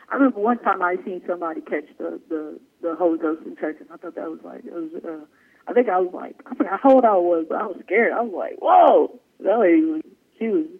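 A high-voiced man chats on a radio show, rambling through stories and breaking into laughter. The sound is thin and phone-like. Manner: rambling, laughing, playful storytelling. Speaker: radio co-host. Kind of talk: joking radio chat. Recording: tinny phone-like radio audio.

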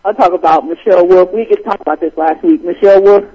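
A man hosting a casual podcast chat, animated and quick to laugh. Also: high-pitched, crowd noise. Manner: animated, laughs often while retelling jokes. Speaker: podcast host. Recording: dull lo-fi recording.

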